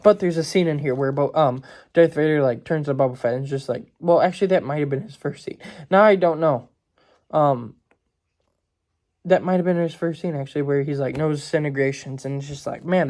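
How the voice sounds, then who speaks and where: Man, mellow voice, rambling casual movie review, lots of "like" and "um". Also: fairly high pitch. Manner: rambling, heavy use of "like" and "um" fillers.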